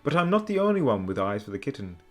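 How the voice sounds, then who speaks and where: A man's voice: mid-range voice, quick pace. Brief: young male streamer, playful dramatic narrator, swooping intonation, background music. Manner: animated, laughs through slips. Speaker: streamer reading a game's story aloud.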